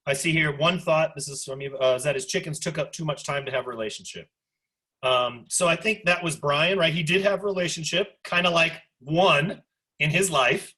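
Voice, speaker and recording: A man in his forties teaching a sociology class over a video call, animated and chatty, full of asides. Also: fairly high pitch, brisk, husky. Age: 40s. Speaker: sociology instructor. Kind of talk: online class discussion lecture.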